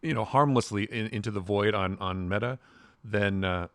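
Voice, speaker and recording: Deep-voiced man musing in a dry room. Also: moderate pace, a bit bright, dry recording. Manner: musing, rambling, hedging opinions. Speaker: podcast co-host. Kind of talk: casual chat.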